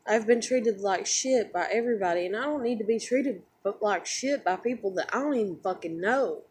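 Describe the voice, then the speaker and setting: A woman's voice: mid-range voice, a little fast, darkish tone, slight background noise. A young woman who just woke up, tired and close to tears, rambling in an upset, swearing vlog rant full of fillers. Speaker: vlogger.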